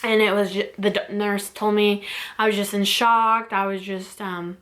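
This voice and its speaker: A woman's voice: mid-range voice, flat delivery, normal speed, fairly bright tone. A young woman vlogger telling a personal story in a casual, rambling way with many fillers and restarts, close to tears. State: teary, close to crying.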